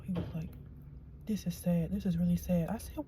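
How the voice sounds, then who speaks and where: A woman tells a rambling story to her viewers, swinging from a hushed whisper to loud, excited disbelief. Her voice sits fairly low for a woman. Faint background noise runs under her talk inside a car. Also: brisk. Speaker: vlogger. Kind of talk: casual storytelling to camera. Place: in a car at a shop, then parked.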